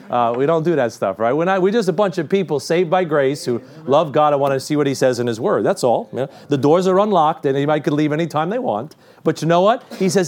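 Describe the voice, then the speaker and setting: A man preaches a midweek sermon. His voice sits a little high and swings widely in pitch as he leans hard on scripture verses and slips in jokes. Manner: lively, joking asides, quoting scripture emphatically.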